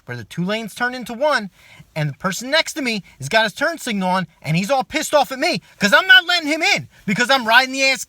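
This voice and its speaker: Male stand-up comic, high and bright, swears freely, swings between quiet asides and loud rants. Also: no echo, studio quality. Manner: ranting, profane, swings from low asides to loud outbursts. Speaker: stand-up comedian. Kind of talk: stand-up comedy routine.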